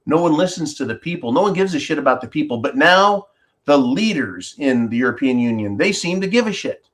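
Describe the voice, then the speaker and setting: A man hosts an opinion show, ranting sarcastically and reading viewer comments aloud in a medium-pitched voice at a moderate pace. He's animated, slipping into mock-quoted voices as he rants.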